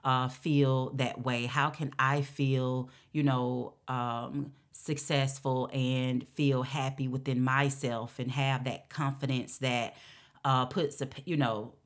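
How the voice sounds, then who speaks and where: A woman's voice: very deep voice, little pitch movement, takes it slowly. A woman giving a motivational talk to other women, conversational, with frequent fillers and "right?" check-ins. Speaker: speaker addressing women. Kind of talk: motivational talk with a personal story.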